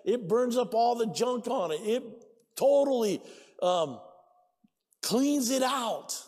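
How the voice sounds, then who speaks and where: A man preaching a sermon as pastor, excitable, breaking into shouts and laughter. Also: extremely high pitch, slow, long reverb tail. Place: church sanctuary.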